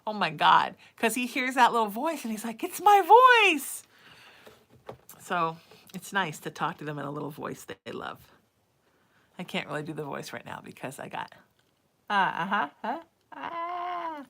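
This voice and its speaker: A woman's voice: medium pitch, bright, forceful tone. A woman hosting a live psychic reading show, chatting affectionately with viewers and calling them sweetie and baby. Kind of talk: casual live-stream chat.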